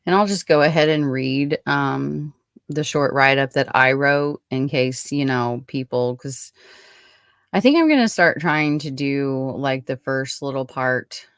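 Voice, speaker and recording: A woman's voice: extremely low pitch, measured pace, clear, resonant tone, dry recording. Woman host reading a true-crime case, dry sound. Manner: chatty, many fillers and restarts between read passages.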